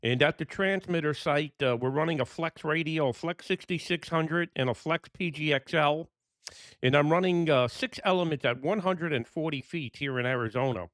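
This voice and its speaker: Upbeat radio amateur, a bit high-pitched, dry and close. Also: male voice, a bit bright, dry recording. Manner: upbeat, enthusiastic, brisk call signs. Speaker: ham radio operator. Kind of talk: radio calls and casual chat. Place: home room in New York.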